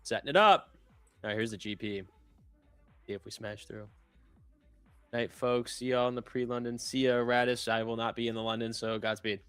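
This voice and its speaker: A man's voice: mid-range voice, moderate pace, pauses often, smooth, no echo, faint music behind. A man co-hosting a live trading stream, joking casually and reading out market headlines. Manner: relaxed, joking, reads market news aloud.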